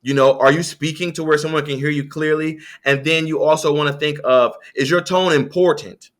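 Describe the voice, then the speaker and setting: A man being interviewed as a sales coach, talking in a conversational coaching way, animated, with frequent restarts. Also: fairly quick. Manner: animated, lively pitch swings, frequent restarts. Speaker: guest, sales coach and author.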